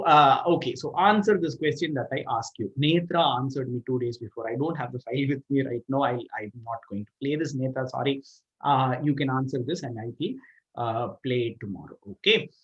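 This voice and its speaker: A man with an Indian English accent telling a moral story to children on a live stream, chatty and lively with frequent restarts. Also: mid-range voice, dull audio. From Tamil Nadu, India.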